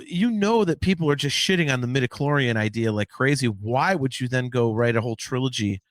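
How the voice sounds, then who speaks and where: A man hosts a podcast in a casual, chatty way, rambling with lots of fillers and restarts. His voice is mid-range and a bit bright, with no room sound.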